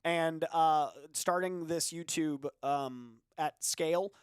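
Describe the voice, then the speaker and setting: A chatty man co-hosting a livestream, telling stories at length with a self-deprecating edge. His voice sits fairly high for a man and the sound is close and dry, with no room around it. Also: slow, clear, resonant tone, dry recording. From Boston. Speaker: co-host. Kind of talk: casual livestream chat.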